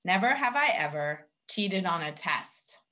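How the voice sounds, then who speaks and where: A middle-aged woman co-hosting a podcast in casual chat, emotional and quick to laugh. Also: lowish voice, sing-song. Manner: warm-hearted, laughs easily, emotional. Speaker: podcast co-host.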